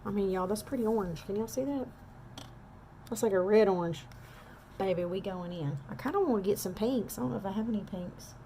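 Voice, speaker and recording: A woman's voice: medium pitch, fairly quick, warm tone, slight background noise. Chatty woman doing makeup. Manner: chatty, self-deprecating, talks straight to viewers. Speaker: makeup artist. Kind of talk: casual makeup tutorial chat. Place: home.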